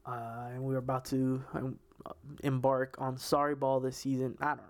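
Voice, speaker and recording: A man's voice: mid-range voice, completely flat delivery, normal speed. A young man hosting a casual sports podcast, rambling with many restarts and fillers. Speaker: podcast host.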